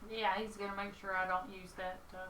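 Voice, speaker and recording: A woman's voice: mid-range voice, level tone, fairly quick, pushed and bright, slight background noise. A woman playing a tabletop game, bantering playfully and swearing casually. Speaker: player. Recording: roomy, distant mic.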